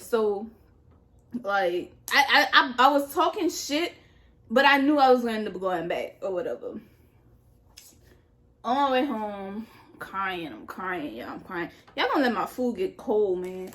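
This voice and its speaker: A young woman, a touch high in pitch, tells a personal story to her viewers while eating. She talks casually with plenty of slang and laughs at her own mistakes. The delivery is loose and candid, recorded at home. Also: animated, normal speed, fairly bright tone. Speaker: vlogger.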